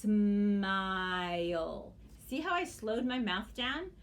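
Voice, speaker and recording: Woman, teacher, phonics lesson for young children, slow, sing-song, animated pitch.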